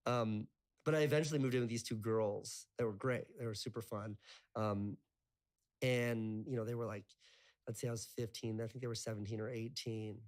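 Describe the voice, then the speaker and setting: A man's voice: lowish voice, steady tone, moderate pace, darkish tone. A man in his thirties telling his life story as an interview guest, rambling with lots of filler words and casual swearing. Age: 30s.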